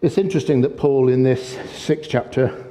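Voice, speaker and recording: A man preaching a sermon with impassioned energy, often getting excited and loud. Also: medium pitch, moderate pace. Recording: long echoey hall reverb.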